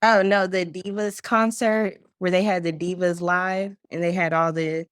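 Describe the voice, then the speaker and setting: Chatty female co-host, low-pitched, dry close mic. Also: flat delivery, unhurried, clear, resonant tone, no room sound. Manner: chatty, laughs often. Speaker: podcast co-host. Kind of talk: casual interview chat.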